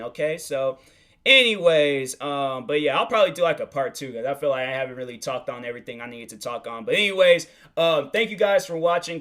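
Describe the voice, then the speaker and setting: A young man talks alone into his podcast mic in a loose, rambling way. He stumbles through restarts and fillers at an ordinary, middle pitch, like someone chatting to listeners he knows. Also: a bit bright. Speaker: podcast host. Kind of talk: casual solo podcast chat.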